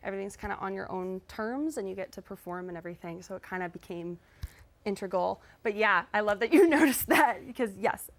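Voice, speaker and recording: A woman's voice: mid-range voice, a little fast. A young woman from Canada, a singer and guest on a live talk show, chatting in a bubbly way with frequent laughs and fillers.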